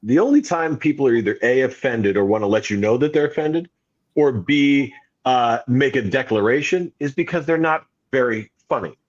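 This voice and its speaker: A man's voice: mid-range voice, expressive, moderate pace, dull audio. A man co-hosting a casual talk show, joking and playful. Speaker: co-host. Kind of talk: casual chat.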